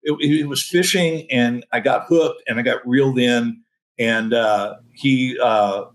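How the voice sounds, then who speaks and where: A man in his sixties, a senior pastor, telling a story in an interview, animated, chuckling and restarting often. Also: mid-range voice, measured pace, rough recording.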